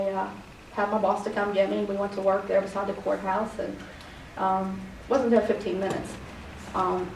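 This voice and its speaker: A woman's voice: mid-range voice, darkish tone. This is a woman giving public comment at a county meeting. She wanders through her account with plenty of ums and quoted back-and-forth. Her voice carries from a distance in an echoey room, with a faint hum behind it. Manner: rambling, many fillers, acts out quoted dialogue.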